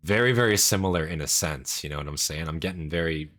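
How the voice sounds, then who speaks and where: Very deep-voiced rambling streamer. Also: male voice, fast talker, a bit bright. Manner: rambling, thinking aloud, many fillers. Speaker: streamer reacting to a video. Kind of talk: casual reaction commentary.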